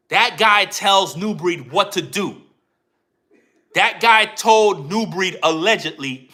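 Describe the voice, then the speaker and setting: A man's voice: high voice, bright, forceful tone. A man giving an emphatic commentary rant as a YouTube commentator, repeating himself and addressing viewers directly.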